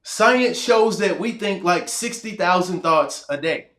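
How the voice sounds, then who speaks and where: A man's voice: high-pitched, animated, a little slow, fairly bright tone. A man in his thirties giving a casual, conversational self-help talk straight to the viewer, acting out bits of his own past dialogue. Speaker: motivational speaker. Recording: echoey room.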